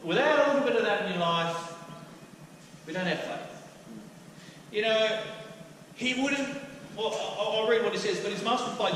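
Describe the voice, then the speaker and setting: An Australian man preaching a lively, jokey sermon in a church hall. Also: sits high, normal speed. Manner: animated, jokey, acts out the master's lines. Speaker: pastor. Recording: echoey hall, mic from a distance, faint room hum.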